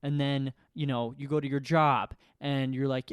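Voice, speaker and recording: A man's voice: medium pitch, steady tone, moderate pace, clean tone, no echo, studio quality. A male comedian working out a rambling comic monologue to camera, questioning himself and laughing at his own jokes.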